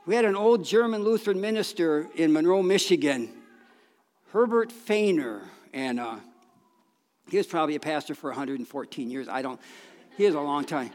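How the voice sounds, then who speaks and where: A man's voice: on the high side, moderate pace, a little mellow. A man preaching a sermon in a folksy, conversational way, with restarts and bursts of emphasis. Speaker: pastor. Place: church sanctuary. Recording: long reverb of a church hall.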